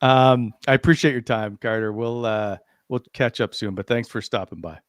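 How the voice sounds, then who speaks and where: A male host leads a relaxed post-game hockey chat in an ordinary mid-pitched voice. His sound is close and dry, with no room around it, and he keeps his questions short and friendly. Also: normal speed, dry recording. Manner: easygoing, laughs along, asks short questions. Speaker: host, interviewer.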